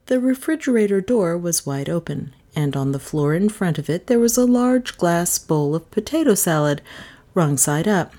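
A woman narrating a novel in an expressive, animated storybook reading. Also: fairly low pitch, moderate pace. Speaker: audiobook narrator.

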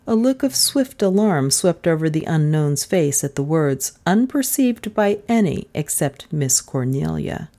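A woman reading a mystery novel aloud as the narrator, steady and even. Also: deep voice, measured pace, few pauses. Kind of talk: audiobook narration.

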